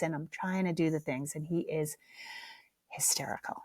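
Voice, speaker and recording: Animated, self-mocking middle-aged woman. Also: low-pitched, normal speed. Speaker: podcast host. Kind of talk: casual comic storytelling.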